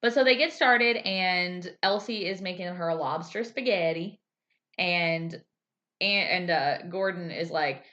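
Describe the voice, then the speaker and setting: On a slightly dull, lo-fi recording, a woman with a lowish voice speaks a little slowly while co-hosting a casual podcast. She recaps a TV episode animatedly, performing quotes in a raised voice.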